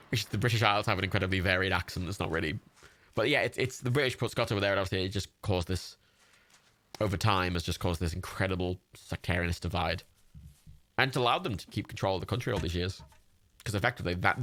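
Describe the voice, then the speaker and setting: A man's voice: fairly low pitch, bright, forceful tone, dry recording. A young man livestreaming, rambling casually with lots of fillers, restarts and laughs while playing a game.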